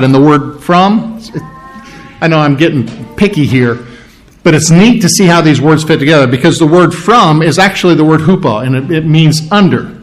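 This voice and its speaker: A pastor teaching an expository sermon, explaining the meaning of each word and asking rhetorical questions, with fillers and throat clearing. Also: male voice, a little high.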